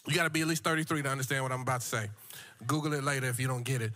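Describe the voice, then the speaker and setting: A man's voice: medium pitch, fairly even intonation, racing, bright, forceful tone. A man preaching a sermon in a sing-song African American church cadence, calling out to the congregation and repeating words as he builds. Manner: calls out to the congregation. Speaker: guest preacher.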